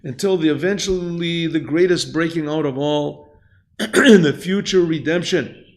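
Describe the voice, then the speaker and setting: A man, a rabbi, teaching a Chassidus class, telling a story and acting out the voices in it, often clearing his throat. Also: fairly high pitch, unhurried. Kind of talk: classroom Torah lesson. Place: yeshiva classroom.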